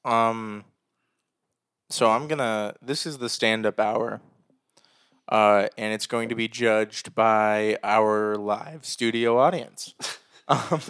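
A man's voice: on the low side, a bit bright, clear, resonant tone. A young man co-hosting a casual podcast, loose and joking, swearing freely as he chats. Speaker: podcast co-host. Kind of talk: casual chat.

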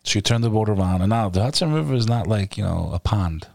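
A man's voice: fairly low pitch, animated, fast, creaky, darkish tone, dry recording, studio quality. A man hosting a casual interview, asking leading questions in a conversational way. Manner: conversational, leading questions, talks over guest. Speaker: podcast host.

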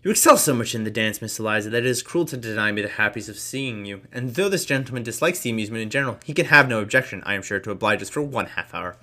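A man reading the lines of a jovial, fawning older gentleman who flatters and gushes. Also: lowish voice, rapid-fire, few pauses. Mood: effusive. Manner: effusive, flattering.

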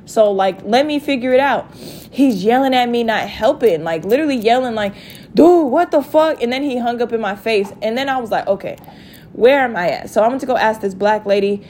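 A young woman telling a story to her viewers in a casual rant, profane and animated. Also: fairly high pitch, a little fast, a little hiss or hum. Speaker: vlogger.

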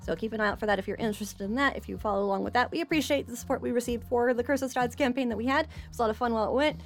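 A woman's voice: fairly high pitch, racing. A woman hosting a tabletop game stream as its game master, chatty and stumbling over her words. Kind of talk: tabletop stream intro and announcements.

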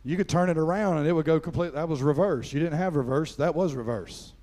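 A man's voice: fairly high pitch, fast talker. A middle-aged man, preaching a sermon through a folksy personal story and peppering it with "amen". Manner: folksy storytelling, frequent "amen" fillers, rising to loud preaching. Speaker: pastor.

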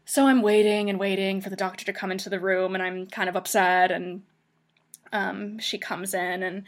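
A woman's voice: mid-range voice, steady tone, moderate pace. A young woman hosting a podcast, telling a personal story in a casual, chatty way with frequent ums and restarts. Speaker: podcast host.

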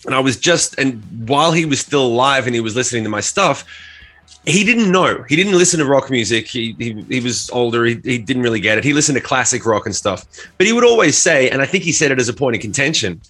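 Bright-voiced Australian man, chatty. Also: medium pitch, lively intonation, fast talker. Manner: rambling storyteller, swears freely. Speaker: podcast co-host. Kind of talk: casual chat.

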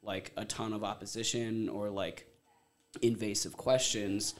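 Low-voiced man telling his story candidly. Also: level tone, unhurried. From Ohio, USA. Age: around 30. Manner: candid, rambling storyteller, heavy use of "like", swears casually. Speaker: podcast guest. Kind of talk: casual podcast conversation.

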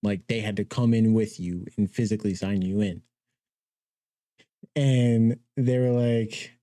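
A young man with a very dark, mellow voice tells a rambling story on a podcast, now and then laughing at his own tale. The sound is dry and close, with no room around it. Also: lowish voice, fairly even intonation, unhurried, no echo. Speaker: podcast co-host. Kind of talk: casual storytelling.

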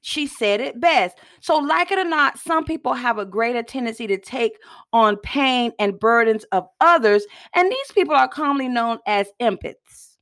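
A woman hosting a casual motivational talk in a folksy, chatty way, often clearing her throat and coughing. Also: fairly high pitch, expressive, normal speed, a bit bright. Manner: chatty, folksy, addresses listeners as y'all. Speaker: host.

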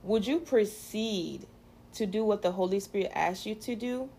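A woman's voice: medium pitch, normal speed, vocal fry, mellow, a little hiss or hum. A woman hosting a casual faith chat, talking in a chatty, playful way with many fillers. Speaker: podcast host.

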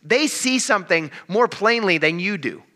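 A man preaching a sermon in a relaxed, conversational style, talking straight to his congregation. His voice sits a little high and sounds bright and crisp. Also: normal speed. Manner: conversational, addresses the crowd as "you guys". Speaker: pastor.

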